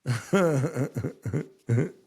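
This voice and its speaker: A young adult man hosting a casual podcast chat, telling stories and ranting in a profane, mocking, animated way. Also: mid-range voice, extremely slow, breathy edge. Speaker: podcast host.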